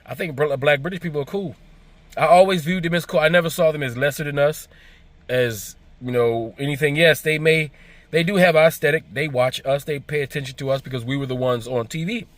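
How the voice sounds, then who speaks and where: On his own channel, this American host with an African American accent gives casual commentary to camera, loose and emphatic, often restarting his sentences. He speaks briskly in a slightly high voice, recorded dry.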